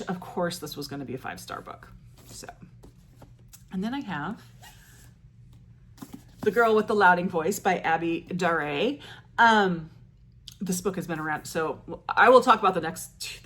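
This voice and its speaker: Adult woman, lower register, chatty and enthusiastic book vlogger talking loosely to camera. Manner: chatty, enthusiastic, frequent fillers and restarts. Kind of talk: casual monthly reading wrap-up.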